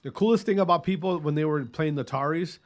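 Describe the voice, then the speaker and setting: A gaming streamer in his thirties from Wisconsin, in the US Midwest, chats casually and profanely with his live chat, greeting viewers by name. His voice is a little high and fast, with slight background noise.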